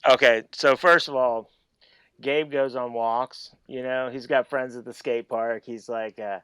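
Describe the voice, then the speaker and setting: A man telling stories on a podcast with an animated, laughing manner. His voice is smooth and clear. The close mic gives it a dry sound. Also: medium pitch, a little slow, no room sound. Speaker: podcast guest. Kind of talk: casual storytelling.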